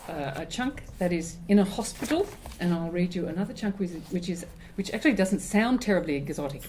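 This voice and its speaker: A woman reads her own story aloud, measured and expressive. Her voice is low and mellow, with a faint hum of room noise behind her. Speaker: author. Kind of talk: reading her fiction aloud.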